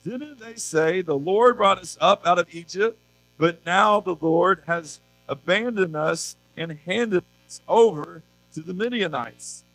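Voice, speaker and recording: A man's voice: sits high, unhurried, fairly bright tone, no room sound, rough recording. A man voicing a timid, polite young male Israelite farmer who pleads in a raised voice. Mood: pleading.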